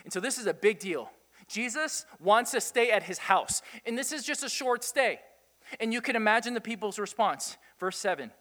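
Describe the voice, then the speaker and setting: A pastor with a high-pitched voice delivers a lively sermon. He prods his listeners with rhetorical questions and chuckles often as he makes his points. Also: normal speed, long reverb tail.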